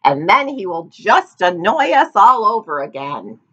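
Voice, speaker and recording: A fretful old village woman , put on by a woman reading a storybook aloud who keeps raising doubts. Her voice climbs high and swoops. The sound is dull and lo-fi. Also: big pitch swings, unhurried, a bit bright, husky, heavily acted. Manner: questioning, worried.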